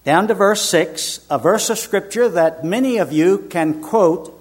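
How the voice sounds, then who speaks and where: A man's voice: sits high, measured pace, husky. An older man from Virginia preaching, mixing conversational stories with emphatic scripture. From Richmond, Virginia, US. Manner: conversational storyteller, swells to emphatic proclamation. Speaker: minister. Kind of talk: sermon with personal anecdotes.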